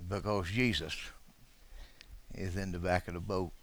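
A pastor preaching a dramatic sermon to his church, dropping to a hush and then rising to shouts, calling out to people in the pews. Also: low voice, steady tone, measured pace. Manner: calls out to congregation members.

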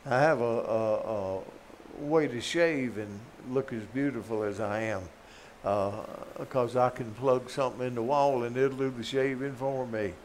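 A man's voice: mid-range voice, a little slow, slight background noise. An older man with a Southern US accent preaching a folksy, joking sermon with emphatic peaks.

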